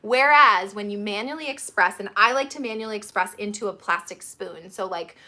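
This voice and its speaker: A woman's voice: mid-range voice, brisk, sharp tone. A woman hosting a casual advice chat on breastfeeding support, chatty and instructive, laughing often. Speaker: lactation support host.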